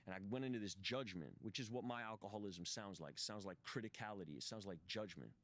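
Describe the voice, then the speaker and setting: A man's voice: fairly low pitch, fast talker, a bit bright. A man speaking as a podcast guest, telling his recovery story candidly in a profane, emphatic way with frequent restarts. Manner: profane, emphatic, restless phrasing with repeated restarts.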